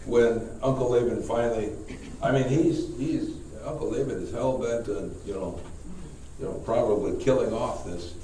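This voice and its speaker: A man, a priest, leading a Bible study class, speaking haltingly, repeating words and putting questions to the group. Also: mid-range voice, dark tone. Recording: echoey room, mic far off, faint noise.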